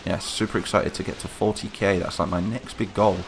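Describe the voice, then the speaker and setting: A man's voice: deep voice, brisk, vocal fry, slight background noise. Chatty man over gunfire. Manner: chatty and excitable, talks to the troops. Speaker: gaming channel host. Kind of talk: casual game commentary. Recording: game gunfire and explosions behind voice.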